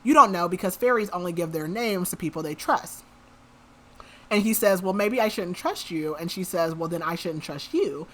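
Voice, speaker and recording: A woman's voice: on the low side, lively intonation, normal speed, bright, forceful tone. Chatty woman recapping a book. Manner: chatty, quotes characters in her own voice, frequent "like". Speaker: podcast host.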